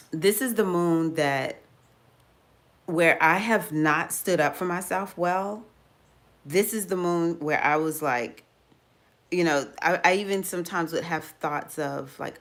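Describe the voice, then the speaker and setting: Middle-aged lady, lowish voice, loose chatty astrologer, laughs a lot. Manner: expressive, acts out her own past thoughts in a high voice; laughs often, loose and conversational. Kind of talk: casual personal talk.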